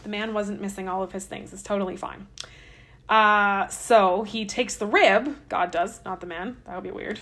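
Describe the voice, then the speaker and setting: A woman with a medium-pitched, steady, fairly bright voice hosts a podcast at a moderate pace. She retells scripture in a chatty, irreverent, comic way, adding wry asides.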